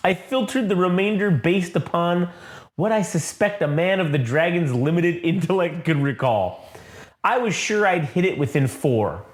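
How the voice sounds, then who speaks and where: A man's voice: high voice, expressive, moderate pace, voice pushed up. A man voicing a fussy elderly male alien inspector, prim and precise, in an echoey room.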